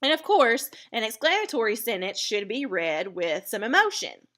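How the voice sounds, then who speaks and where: A woman's voice: a little high, very animated, normal speed, sharp tone. A woman teacher explaining grammar step by step in a recorded lesson.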